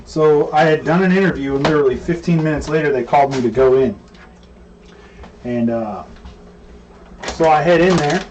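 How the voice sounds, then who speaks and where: A man and cook, co-hosting and telling a story in a relaxed, rambling way with plenty of fillers. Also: a little high, a little hiss or hum. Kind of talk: casual storytelling. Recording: distant mic with faint room ambience.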